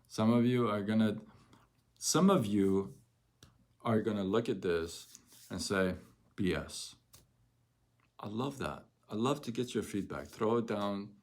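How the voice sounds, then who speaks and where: Guy doing a live motivational rant, slow and lowish, says stuff twice to hammer it in. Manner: emphatic, repeats phrases for effect. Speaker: network marketing coach. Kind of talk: motivational livestream talk.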